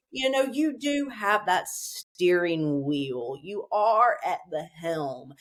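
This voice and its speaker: A woman being interviewed, talking casually with emphatic, profane, streetwise delivery. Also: a little high. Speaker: interview guest.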